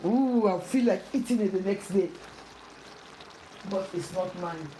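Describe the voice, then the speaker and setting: A woman's voice: medium pitch, unhurried, warm tone, reverberant, distant mic, slight background noise, poor audio. A Sierra Leonean woman chatting casually while cooking at home, self-mocking and pleading with viewers for likes. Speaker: cooking vlogger. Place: home kitchen.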